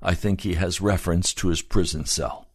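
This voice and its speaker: A man preaching a sermon, moving from calm storytelling to impassioned, pleading calls. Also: deep voice, normal speed, breathy edge. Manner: impassioned, rising to fervent pleading.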